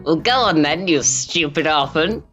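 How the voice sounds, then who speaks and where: A man voicing a gruff, rude male teacher who lectures curtly and hurls insults. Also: expressive, normal speed, pushed and bright. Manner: deep, curt, insulting, lecturing. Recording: dull lo-fi audio with faint music.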